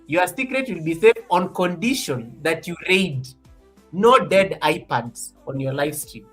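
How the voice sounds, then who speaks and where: Guy hosting a live stream, fairly high voice, teasing and laughing a lot, faint music behind. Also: lively intonation, a little slow, a bit bright. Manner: playful teasing, mock threats, laughs often. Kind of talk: casual live stream chat. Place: office.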